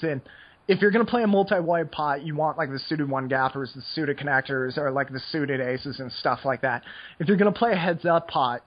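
A man's voice: on the high side, husky, dull audio. A young man talking casually about poker on a podcast, rambling and filling his talk with "like". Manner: rambling, filler-heavy with frequent "like". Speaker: poker player.

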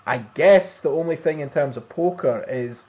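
A man's voice: fairly high pitch, normal speed. Laid-back man on a dull recording. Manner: laid-back, chuckling, thinking aloud. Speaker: podcast host. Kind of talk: casual podcast chat.

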